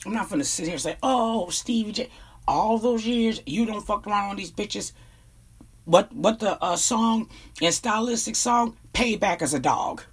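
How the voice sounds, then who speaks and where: Blunt woman ranting with husky voice. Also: on the low side. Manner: blunt, profane, emphatic. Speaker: vlogger giving opinions. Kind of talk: casual commentary rant.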